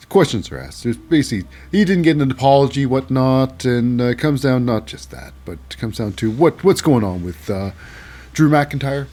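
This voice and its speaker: A man's voice: medium pitch, a little mellow. A man hosting a casual wrestling show recap, rambling with lots of fillers and hyping things up with "baby".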